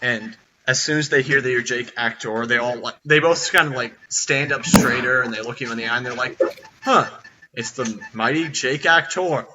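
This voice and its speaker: A man narrating a tabletop game as dungeon master, halting with many fillers, over online voice chat. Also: mid-range voice, distant mic, highs cut off, background noise.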